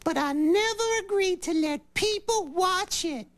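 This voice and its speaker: A petulant falsetto pop star. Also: male voice, unhurried. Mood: petulant rage. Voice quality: high breathy falsetto. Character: impression of a famous male pop star, high breathy falsetto, petulant. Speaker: comedy sketch impersonator. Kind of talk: late-night comedy sketch.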